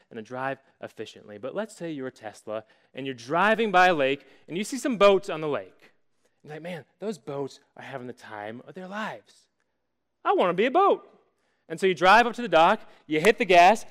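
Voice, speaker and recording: A man delivering a sermon with an animated storytelling manner, lingering on key words and pausing for effect. His voice sits a little higher than most men's. A long reverb from a large hall trails after every phrase. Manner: animated storytelling with dramatic pauses. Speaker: pastor.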